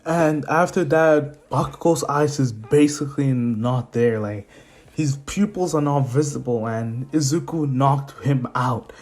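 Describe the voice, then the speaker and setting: A man tells a fan story in a relaxed, rambling way, with plenty of casual fillers. His voice sits at an average pitch for a man. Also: measured pace. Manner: rambling, loose with fillers like "so yeah".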